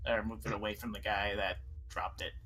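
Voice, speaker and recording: A man's voice: lowish voice, level tone, brisk, bright, forceful tone, husky. A man playing a tabletop role-playing game, talking casually with lots of fillers. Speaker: player.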